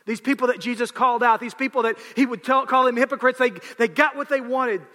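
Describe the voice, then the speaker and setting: A man preaching a sermon, animated and dramatic, often repeating words as he acts out scenes, in a church hall with long reverb. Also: extremely high pitch, fast talker.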